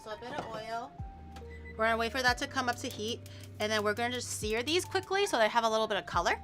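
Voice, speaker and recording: A woman's voice: fairly high pitch, fast, fairly bright tone. A woman streamer chatting casually while she cooks, playfully indignant as she bickers with her chat. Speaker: streamer cooking on camera. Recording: background music under voice.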